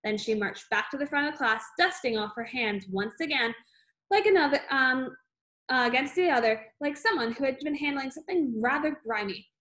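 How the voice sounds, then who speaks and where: A woman's voice: high-pitched, animated, normal speed, a bit bright. A woman reading a children's book aloud with an easy, loose delivery. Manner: unscripted-sounding, with fillers and restarts. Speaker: reader.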